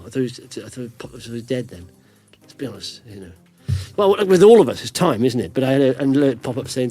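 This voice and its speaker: A man's voice: medium pitch, very animated, brisk, mellow, faint music behind. A man hosting a podcast, joking and rambling in casual chat, often cutting himself off mid-sentence. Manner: joking, rambling, self-interrupting. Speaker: podcast host.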